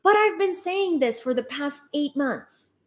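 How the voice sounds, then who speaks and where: A woman's voice: high voice, lively intonation, measured pace. A young woman from Ukraine, giving blunt, sarcastic, condescending live-stream commentary with swearing. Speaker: vlogger.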